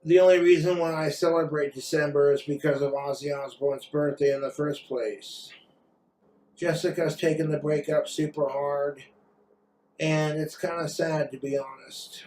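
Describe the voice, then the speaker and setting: A man's voice: a little high, steady tone, moderate pace, a little mellow, a little hiss or hum. A man vlogging in a rambling, profane rant while he has been drinking. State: drinking, tipsy.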